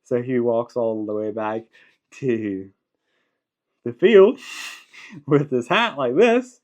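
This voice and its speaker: A man's voice: medium pitch, expressive, slow pace, darkish tone. A man in casual podcast chat, telling a rambling story with lots of ums and chuckles.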